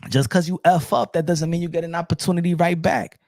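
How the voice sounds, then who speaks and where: High-pitched guy ranting about boxing, super animated, dry close mic. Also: fast talker, dry recording. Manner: excitable, ranting, with repeated restarts. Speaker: boxing commentator.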